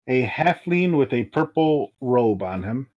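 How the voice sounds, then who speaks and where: Male game master, unhurried, halting casual narration of the scene. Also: medium pitch, expressive, darkish tone, muffled recording. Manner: slow, halting, with fillers.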